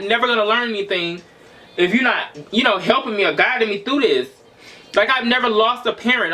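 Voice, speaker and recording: A man's voice: high voice, pushed and bright. A man in his twenties venting in a raw, emotional, profane personal monologue for his vlog. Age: 20s. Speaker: vlogger.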